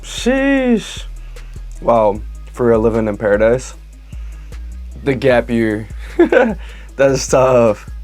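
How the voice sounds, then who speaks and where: A man's voice: mid-range voice, animated, slow, pauses often, darkish tone, faint music behind. A young man who is in the cast reacts to the film in slangy, enthusiastic casual commentary.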